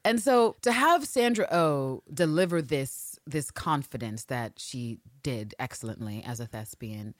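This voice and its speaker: A woman hosting a podcast in casual chat, animated and profane, with theatrical asides. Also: very deep voice, unhurried, few pauses, no echo, clean studio sound. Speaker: podcast host.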